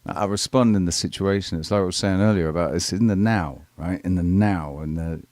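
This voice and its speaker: Low-voiced male host, crude and rambling, dry mic. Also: fairly quick, darkish tone, dry recording. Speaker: live show host. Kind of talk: casual live panel chat.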